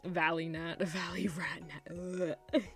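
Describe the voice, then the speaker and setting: A woman's voice: on the low side, little pitch movement, takes it slowly. A young woman streamer playing through a game with giggly, playful, self-mocking commentary, reading the narration aloud. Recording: faint music behind.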